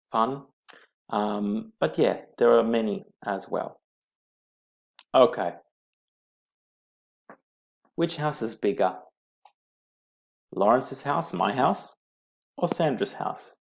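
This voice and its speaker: A male English teacher works through grammar slides at an unhurried pace. His voice has a gravelly, fry-edged texture, and he spells out each rule letter by letter with patient repetition. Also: mid-range voice. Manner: slow, patient, repeats rules letter by letter. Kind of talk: slide-based grammar lesson.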